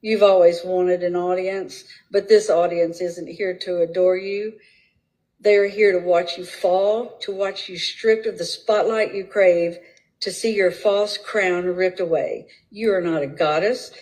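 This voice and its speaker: A woman hosting a true crime livestream, reading courtroom statements aloud in a slow, firm, measured way. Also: on the low side, steady tone, darkish tone, rough recording.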